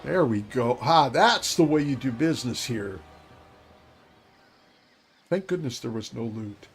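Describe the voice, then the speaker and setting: A man's voice: mid-range voice, animated, unhurried, slightly rough. A man in his fifties streaming a game and chatting casually, rambling to himself as he plays. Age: 50s. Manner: rambling, talks to himself, chuckles. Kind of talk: casual gameplay commentary.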